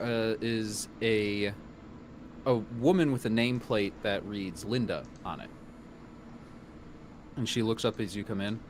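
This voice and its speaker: A man running a tabletop game as game master, narrating in a relaxed, descriptive way. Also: fairly low pitch, a little hiss or hum.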